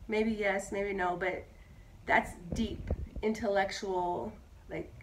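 A woman in her thirties, a mother who sounds hoarse from bronchitis, talking in a chatty, emphatic way and repeating herself in a casual monologue. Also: mid-range voice, steady tone, slow, background noise. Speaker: mother vlogging.

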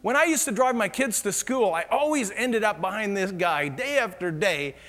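Laughing at his own jokes as he shares funny stories, a middle-aged man delivers a sermon in a big church hall that gives the sound plenty of reverb. His voice is high and fairly bright, with lively intonation and a normal pace.

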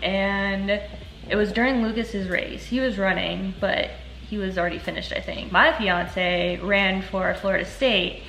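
A woman's voice: medium pitch, fairly even intonation, measured pace, creaky, a bit bright, roomy sound, faint music behind, rough recording. A young woman telling a story in casual chat, chatty and giggly. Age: young adult.

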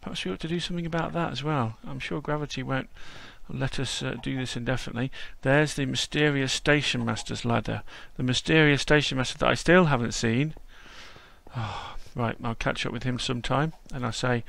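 Chatty man with a gravelly voice. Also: mid-range voice, fairly even intonation, fairly quick, a bit bright, no room sound. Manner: chatty and whimsical. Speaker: host. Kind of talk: casual walkthrough narration.

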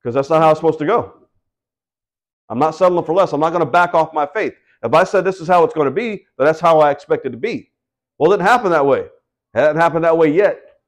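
High-voiced man preaching conversationally. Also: quick pace. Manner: conversational preaching, acts out quoted voices, asks the congregation questions. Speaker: pastor. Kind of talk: sermon.

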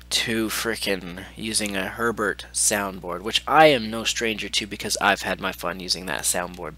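Sharp-toned, exasperated ranting man. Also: lowish voice. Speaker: gaming video host. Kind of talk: angry commentary reading out messages.

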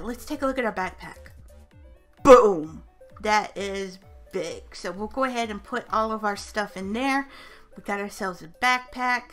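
Casting note: woman host with a high voice, upbeat and chatty, walks through the game step by step over faint music. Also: a bit bright. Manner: upbeat, chatty, narrating each step aloud. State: hiccups. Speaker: gaming channel host. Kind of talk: casual let's-play commentary.

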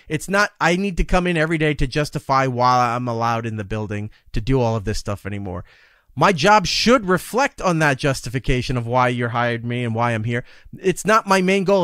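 Animated man with a lively voice. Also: fairly high pitch, fairly quick, dry recording, studio quality. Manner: animated storytelling, acting out dialogue; emphatic, exasperated about work demands. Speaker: podcast guest, radio broadcaster. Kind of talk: casual podcast conversation.

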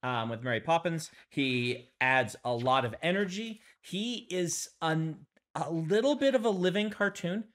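A man's voice: fairly high pitch, expressive, a bit bright. Thoughtful man, casual podcast talk. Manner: thoughtful, many "um" pauses. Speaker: podcast co-host, author. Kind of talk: casual conversation.

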